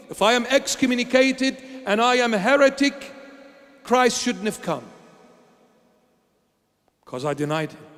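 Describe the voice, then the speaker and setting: Impassioned preacher, high, slow. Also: male voice. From Syria. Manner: impassioned, repetitive, swings from shouting to hushed. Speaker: bishop. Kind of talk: sermon. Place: church at the altar. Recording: long church reverb.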